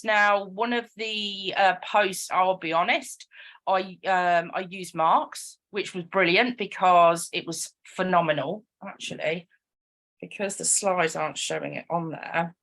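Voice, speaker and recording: A woman's voice: fairly low pitch, a bit bright. A young British woman giving a chatty, upbeat online talk on social media.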